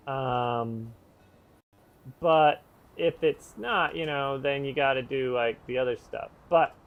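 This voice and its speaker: A man's voice: mid-range voice, slow, narrow, tinny audio. A man telling a long story in casual chat while gaming, rambling with asides and self-corrections. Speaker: streamer and host.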